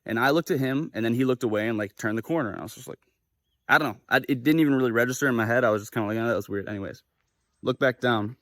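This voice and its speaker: A young man tells a casual vlog story in a lively, animated way and swears freely as he acts out each quoted voice. His pitch sits in the middle. The recording is dry and close, with no room sound. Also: racing, no echo. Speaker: vlogger. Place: living in Japan.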